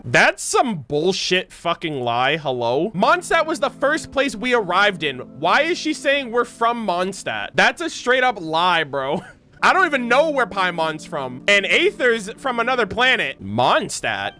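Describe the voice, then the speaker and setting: A man with a bright, slightly high voice plays through a game on stream. He reads the characters' dialogue aloud in an even tone, then drops into profane, joking asides. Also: a little slow, soft background music. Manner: profane, joking, reacts loudly then mutters. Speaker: gaming streamer. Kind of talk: casual let's play commentary, reading game dialogue aloud.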